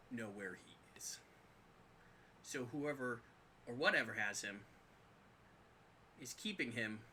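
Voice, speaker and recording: A man narrating as game master of a tabletop game, speaking in a halting way full of pauses and ums. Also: mid-range voice, sharp tone, slight background noise.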